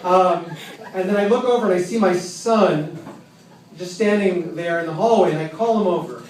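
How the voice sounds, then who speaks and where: A man telling a personal story live at an open mic in a tavern, with a wry, self-mocking, halting delivery. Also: sits high, a little mellow. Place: tavern with an audience. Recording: roomy, distant, faint background noise.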